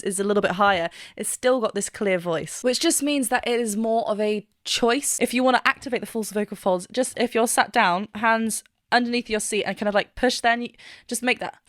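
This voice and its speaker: A woman's voice: fairly high pitch, fairly bright tone, dry recording, clean studio sound. A woman vocal coach reacting to singing clips, laughing often and explaining vocal technique.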